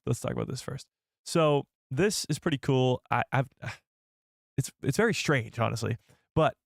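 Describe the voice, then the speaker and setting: Excitable male live stream host. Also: medium pitch, creaky, no echo, studio quality. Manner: excitable, rambling, talks to the chat. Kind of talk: casual live stream chat.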